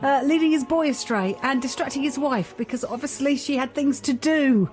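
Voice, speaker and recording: A woman's voice: high-pitched, normal speed, a little mellow, soft background music. A woman on a radio panel, chatting frankly and bluntly with small hesitations, in a radio studio. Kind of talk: casual chat.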